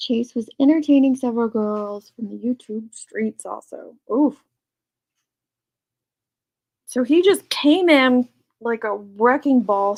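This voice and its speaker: A woman's voice: fairly high pitch, slow, gravelly, pauses often, a little mellow. A woman hosting a casual livestream, chatting and reading viewer comments aloud. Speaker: livestream host reading chat.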